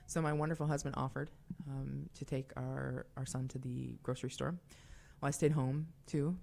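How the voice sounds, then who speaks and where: A woman's voice: very deep voice, level tone, moderate pace, vocal fry, dark tone. A young woman hosting a call-in radio show, talking in a chatty, confiding way with fillers and asides. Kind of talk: casual call-in radio talk.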